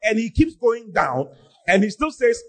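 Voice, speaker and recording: A man preaching on a podcast, scolding with animated rhetorical questions and shouting for emphasis. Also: high-pitched, unhurried.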